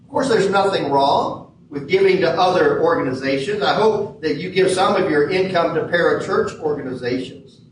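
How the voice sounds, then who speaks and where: A man preaching a sermon as pastor in a church sanctuary, measured and leaning hard on key words. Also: on the high side, a little hiss or hum. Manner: measured preaching with emphatic stresses. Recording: echoey hall from far off.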